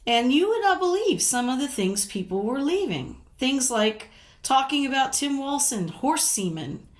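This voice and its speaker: Frank, fairly high-voiced middle-aged woman. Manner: frank and indignant, swears, laughs between points. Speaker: vlogger. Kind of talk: casual talk to camera.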